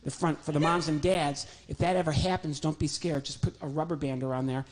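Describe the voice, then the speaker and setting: A man doing puppet-based stand-up speaks a little fast in a fairly high, steady voice, and the recording is rough. As a comedian and ventriloquist playing to a virtual audience from his home, he leans on self-deprecating humor and crowd interaction.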